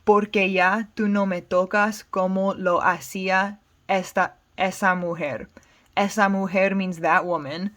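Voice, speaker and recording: A woman's voice: medium pitch, fairly even intonation, a little slow, a bit bright. A woman with an American accent teaching Spanish, patiently explaining song lyrics word by word. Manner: patient, plain explanations with fillers.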